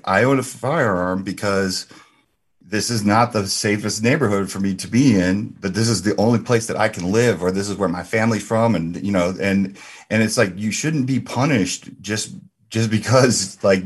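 A man in a casual group discussion, voice low and husky. He hedges and stops to search for words. He sits well back from the mic. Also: moderate pace. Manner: hesitant, hedging with fillers. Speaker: discussion participant.

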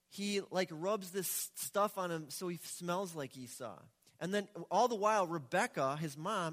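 A male pastor with a high voice tells his story in a loose, chatty preaching style and often acts out the characters. His voice rings out through a large hall with a long, trailing reverb. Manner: conversational, animated storytelling. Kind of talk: sermon.

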